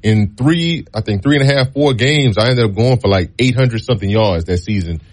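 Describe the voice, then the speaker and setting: A man telling stories from his football days in a relaxed interview, acting out the people he quotes. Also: lowish voice, brisk. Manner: relaxed storytelling, acts out quoted voices. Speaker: guest, former college football player. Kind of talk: casual storytelling interview.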